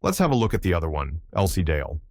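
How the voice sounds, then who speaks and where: A man voicing a brisk, shrewd middle-aged police inspector in a matter-of-fact manner. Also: low voice, wildly swooping pitch, gravelly, a little mellow, dry recording, heavily acted. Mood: businesslike.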